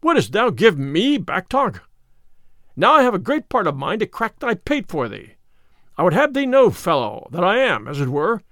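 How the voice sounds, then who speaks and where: A bold, blustering outlaw, put on by a man reading aloud, booming out old-fashioned threats. The voice runs high and lively, with a dry, close sound. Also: normal speed, dry recording, heavily acted. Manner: loud, blustering archaic speech.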